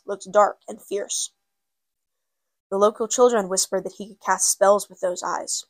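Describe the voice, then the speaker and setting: A woman's voice: medium pitch, steady tone, unhurried, dry recording. A woman hosting a book segment, casually introducing a novel and then reading its first chapter aloud. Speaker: book reader and host.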